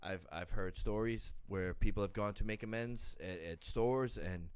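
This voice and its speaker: Male host, lowish voice, dry sound, halting casual talk. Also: clear, resonant tone, dry recording. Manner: repeats words, restarts, affirming. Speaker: podcast host. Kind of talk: casual chat.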